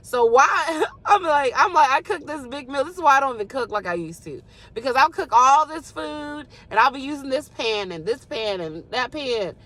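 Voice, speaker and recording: A woman's voice: high-pitched, animated, moderate pace, hardly any pauses, fairly bright tone. A woman giving a casual devotional talk, earnest and preachy, who keeps checking in with "right?" and "you know?". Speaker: speaker.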